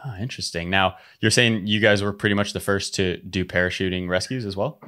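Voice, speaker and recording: A man's voice: sits low, steady tone, fairly quick, sharp tone. A man from Quebec, French his first language, hosting a podcast in a laid-back, chatty way. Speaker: podcast host. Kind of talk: casual interview.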